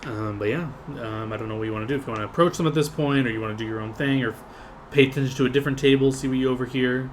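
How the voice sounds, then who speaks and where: A man's voice: medium pitch, rapid-fire, background noise. Rambling man running a tabletop game. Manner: casual, rambling, many fillers. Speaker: game master.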